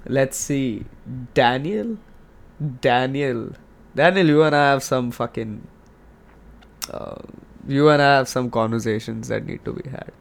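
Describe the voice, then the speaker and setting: A young male podcast host with a gravelly, fry-tinged voice. He rambles in a hyped, joking way, swears freely and keeps his pitch in the middle range. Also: normal speed. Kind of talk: casual monologue.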